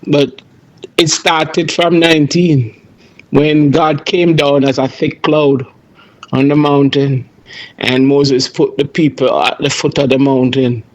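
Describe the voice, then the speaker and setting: A man joins a casual group Bible discussion, thinking aloud and often stopping to correct himself. His voice is a little high. He sounds like an ordinary participant. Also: flat delivery, slow pace.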